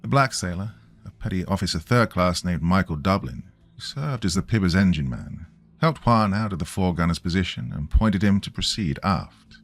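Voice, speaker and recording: Male storyteller, low and expressive, scripted narration over faint music. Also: moderate pace.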